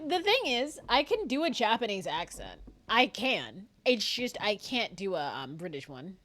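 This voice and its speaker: A woman streamer chatting casually during gameplay, animated, laughing and swearing freely. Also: medium pitch, a little hiss or hum. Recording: game music behind.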